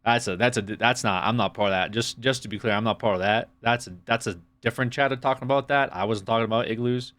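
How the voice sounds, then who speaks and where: A man's voice: medium pitch, fast, few pauses, a bit bright. Sarcastic foul-mouthed male streamer. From United States. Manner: sarcastic, profane, rambling rants at chat. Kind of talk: live stream reaction chat.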